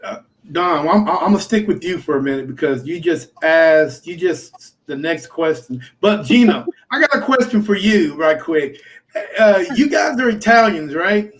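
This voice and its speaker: A man with a high-pitched voice hosts a casual podcast chat. He tells stories in an animated way, joking and laughing. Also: moderate pace. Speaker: podcast host.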